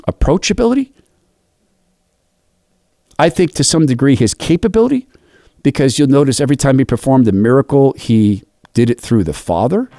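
Man, youth Bible study leader, lively pitch, animated storyteller, devotional talk. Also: no room sound, clean studio sound. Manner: animated, acts out quoted dialogue.

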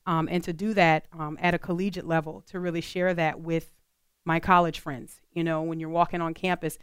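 A woman's voice: sits low, flat delivery, fairly quick, clear, resonant tone, dry recording, studio quality. A woman co-hosting a radio talk show, chatting earnestly with plenty of fillers. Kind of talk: casual talk radio chat.

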